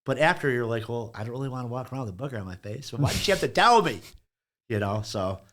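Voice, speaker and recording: A man's voice: mid-range voice, animated, fast talker, a bit bright. A man guesting on a podcast, speaking in a rambling, profane way that jumps between thoughts. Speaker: podcast guest, business owner. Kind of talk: casual interview chat.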